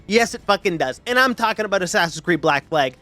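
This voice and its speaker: Male gaming host, casual and foul-mouthed, voice leaping up and down, faint music underneath. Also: quick pace. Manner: animated, profane, swings pitch freely. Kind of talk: casual ranking commentary.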